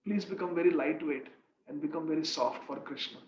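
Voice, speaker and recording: A man's voice: a little high, a little fast, a little hiss or hum, pitched below the performer's own voice, lightly acted. A man voicing an anxious, loving mother who pleads for her young son, told as part of a devotional story. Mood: pleading. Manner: pleading, tender. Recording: echoey room, dull lo-fi sound.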